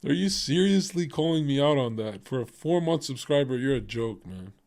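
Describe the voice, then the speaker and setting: A male streamer at a middle pitch, talking straight into his mic. He argues with his chat, swears freely and laughs between jabs in a loose, combative rant. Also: animated, moderate pace, a little mellow. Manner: profane, combative, laughs often. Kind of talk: casual livestream rant.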